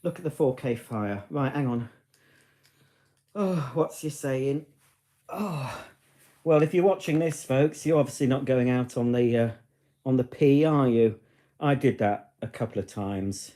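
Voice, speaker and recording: A man's voice: medium pitch, a little slow, dark tone. A tipsy man chatting casually on a live stream from his living room, rambling and poking fun at himself. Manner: rambling, chatty, self-mocking. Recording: echoey room.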